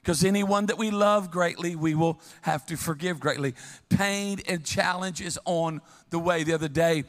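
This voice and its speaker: A middle-aged man preaching a sermon as pastor, telling funny stories with lively call-and-response to the congregation. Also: on the high side, normal speed. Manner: humorous, animated storytelling with call-and-response. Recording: long reverb of a large hall.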